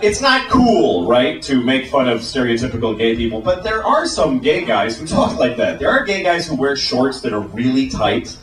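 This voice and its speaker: A man performing a crude stand-up routine, switching between flat delivery and shouted mock voices. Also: mid-range voice, moderate pace, few pauses. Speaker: stand-up comedian. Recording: roomy live club sound from far off. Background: loud audience laughter.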